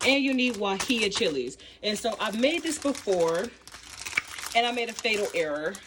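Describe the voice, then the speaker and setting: A woman's voice: medium pitch, very animated, normal speed, distant mic. A woman, chatting through a home cooking demonstration in a folksy, storytelling way full of fillers. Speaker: cooking vlogger. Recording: roomy echo, mic set back, faint room noise.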